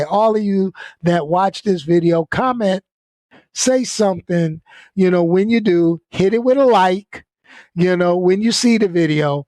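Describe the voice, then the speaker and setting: YouTuber, male, casual and blunt, swears, laughs a lot; higher pitch, dry sound. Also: a little mellow, no echo. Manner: blunt, laid-back, swears, laughs easily. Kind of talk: casual venting vlog talk.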